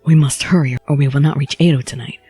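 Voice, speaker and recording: A woman voicing a reserved young male swordsman in a low, flat, formal manner. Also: fast, slightly rough, no echo, faint music behind. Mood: stern, reserved.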